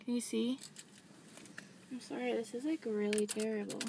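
A woman's voice: fairly high pitch, steady tone, moderate pace, vocal fry, background noise. Bubbly chatty young woman. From United States. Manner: bubbly, chatty, apologetic, many "like" and "really". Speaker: vlogger. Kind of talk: casual unboxing vlog. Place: inside a parked car. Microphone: handheld camera set down on the dashboard.

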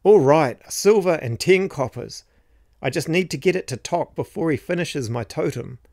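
A man's voice: on the high side, expressive, moderate pace, a little mellow, no room sound, studio quality, pitched above the performer's own voice. A man voicing an anxious old man who presses a boy to hurry. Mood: urgent. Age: older. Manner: urgent, pressing.

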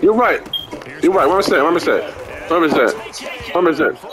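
Over headset chat, a man mocks his opponent in a football video game with casual, foul-mouthed trash talk. His slightly high, fairly bright voice has lively intonation and a moderate pace, with the game's crowd, commentary, and faint music behind him.

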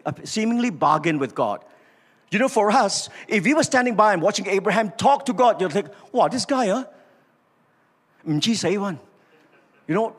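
A man's voice: sits high, husky. An older man with a Malaysian English accent preaching a sermon, acting out dialogue and calling on the congregation to respond. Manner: animated storytelling, acts out dialogue, asks congregation to respond. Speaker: pastor. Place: large church auditorium. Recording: reverberant church hall.

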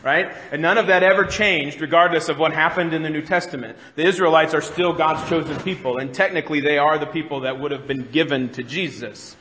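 Bright-voiced male pastor in reverberant church. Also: a little high, brisk, hardly any pauses, a little hiss or hum. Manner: conversational, asks the congregation questions. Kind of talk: sermon. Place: church sanctuary.

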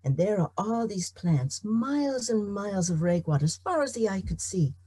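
A middle-aged woman storyteller telling a folk tale in an animated, expressive way. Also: medium pitch, normal speed, husky, no echo.

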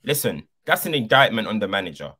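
Animated, emphatic man ranting about football. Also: lowish voice, quick pace, breathy edge. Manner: animated, emphatic, repeats points for effect. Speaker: football podcast co-host. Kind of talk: passionate football debate.

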